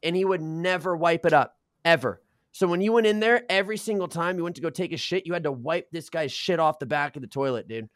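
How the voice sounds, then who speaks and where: A man's voice: on the high side, fast, a bit bright, no room sound, clean studio sound. A young adult man casually telling college stories as a podcast co-host, swearing constantly and peppering his talk with slang. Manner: profane, slangy, says dude and bro constantly. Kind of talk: casual storytelling.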